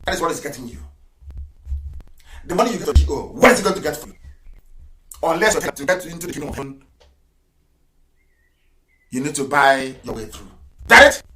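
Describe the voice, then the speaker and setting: A man's voice: on the high side, expressive, brisk, pauses often, roomy sound, crowd noise, poor audio. A middle-aged man with a Nigerian accent giving a live broadcast address, emphatic, repeating his phrases and chuckling between lines.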